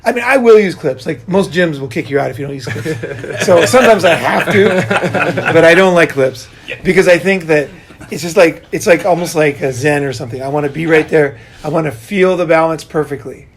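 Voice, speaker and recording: Middle-aged male host, fairly high voice, lively storyteller who laughs mid-sentence and swears casually. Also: normal speed. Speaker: podcast host.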